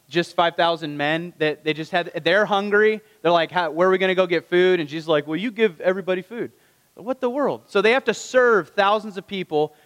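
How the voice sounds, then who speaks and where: A man's voice: high-pitched, a bit bright, in a large hall. A man preaching a conversational sermon, asking the listeners rhetorical questions and acting out the lines of the people in the story. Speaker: pastor.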